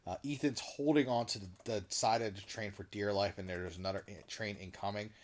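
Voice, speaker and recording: A man co-hosting a podcast, retelling a movie scene in a loose, animated way and acting out the characters' lines. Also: fairly low pitch, a little fast. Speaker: podcast co-host. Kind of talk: casual movie recap chat.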